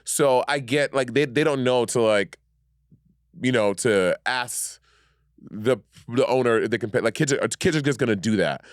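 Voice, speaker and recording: A man's voice: mid-range voice, normal speed, dry recording, studio quality. A man co-hosting a podcast in casual, playful chat, laughing often and rambling through his thoughts. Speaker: podcast co-host.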